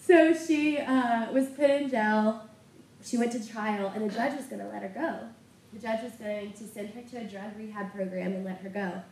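A woman's voice: mid-range voice, normal speed, darkish tone, slight background noise. A woman preaching a sermon, telling a testimony story with passion. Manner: impassioned storytelling. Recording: roomy sound from a distant mic.

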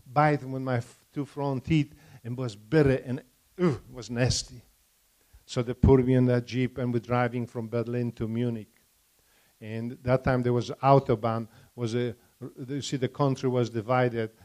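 An older man speaks with a Polish accent, his English broken, as he gives a testimony to a church audience. He puts questions straight to his listeners now and then. His pitch sits in the middle for a man. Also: a little mellow. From Poland.

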